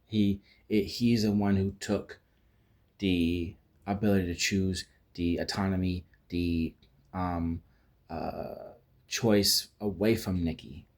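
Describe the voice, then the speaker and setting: A man's voice: low voice, fairly even intonation, slow, darkish tone. A man giving a casual spoken film review, rambling with frequent restarts and fillers and acting out quoted lines as he retells scenes.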